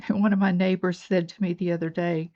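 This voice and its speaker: A woman's voice: fairly low pitch, flat delivery, quick pace, darkish tone, highs cut off. An older woman with a Southern accent, chatting folksily as she demonstrates jewelry making. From North Georgia. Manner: folksy, chatty, talks while working. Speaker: beading channel host. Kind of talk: crafting tutorial narration.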